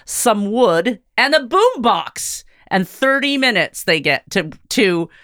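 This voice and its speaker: A woman's voice: on the high side, big pitch swings, slow, a bit bright, no room sound, clean studio sound. A woman co-hosting a casual podcast, teasing her partner, reading out facts and laughing often. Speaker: podcast co-host. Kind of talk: casual chat.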